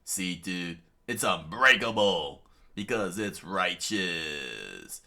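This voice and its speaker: A man's voice: sits low, animated, takes it slowly, bright, forceful tone, exaggerated voice. A man voicing a brash young male pirate captain who talks in laid-back surfer slang and calls everyone dude. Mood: defiant.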